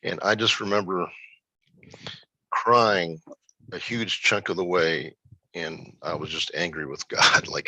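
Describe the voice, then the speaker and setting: A middle-aged man telling a personal story of grief and recovery in a reflective, halting way. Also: sits low, fairly even intonation, bright, forceful tone, no echo, poor audio. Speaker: guest sharing a personal story.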